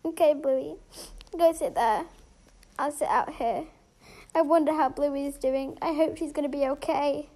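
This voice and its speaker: A woman's voice: high-pitched, a little slow, mellow. A woman playing the lead in her own game role-play story, talking in an emotional, dramatic way. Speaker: storyteller and main character.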